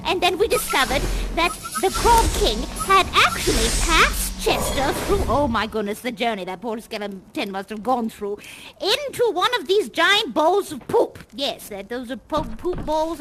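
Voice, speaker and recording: A gushing, high-voiced party hostess. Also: female voice, poor audio. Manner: gushing, chatty, theatrical exclamations. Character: theatrical, fussy female party hostess and tour guide. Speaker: live actor guiding a tour in a virtual reality theater show. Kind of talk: improvised live role-play.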